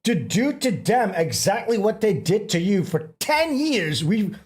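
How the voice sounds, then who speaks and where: A man hosting a livestream, talking in crude, animated, ranting commentary. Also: high-pitched, unhurried, breathy edge. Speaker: streamer host.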